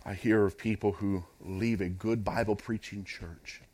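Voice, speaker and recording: A man's voice: fairly low pitch, steady tone, a little slow, darkish tone. A man preaching a sermon as pastor, in an emphatic, repetitive preaching cadence.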